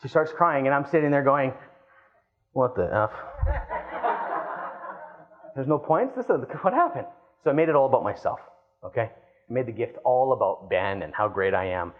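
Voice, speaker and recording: Animated man telling a keynote story. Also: medium pitch, a little fast, narrow, tinny audio. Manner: animated storytelling, addresses the crowd as guys. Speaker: keynote speaker. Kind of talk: live keynote speech.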